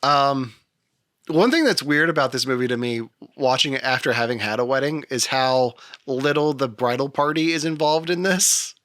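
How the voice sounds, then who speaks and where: Man, podcast co-host, steers the chat with questions, bright tone, dry close sound. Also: mid-range voice, normal speed, dry recording. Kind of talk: casual chat.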